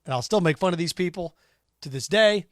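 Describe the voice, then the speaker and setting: A man with a high, bright-pitched voice rants through a sports talk monologue, combative and sarcastic. He fires rhetorical questions and scoffs at his critics. The sound is dry and close. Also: expressive, brisk, dry recording. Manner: combative, sarcastic, mocks imagined callers in put-on voices. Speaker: sports radio host.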